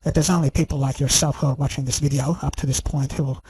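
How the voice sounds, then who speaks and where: A man giving an unscripted, accusing video monologue, halting and full of fillers and restarts. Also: medium pitch, steady tone, mellow, husky, rough recording. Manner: accusing and indignant. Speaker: online video commentator.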